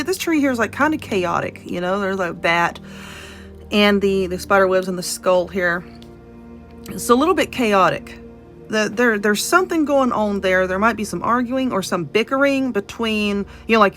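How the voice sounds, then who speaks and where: A woman's voice: mid-range voice, fairly bright tone. A woman giving a casual tarot and Lenormand card reading, blunt and chatty, often checking in with "okay?" and "you know". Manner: laughs and yawns between points.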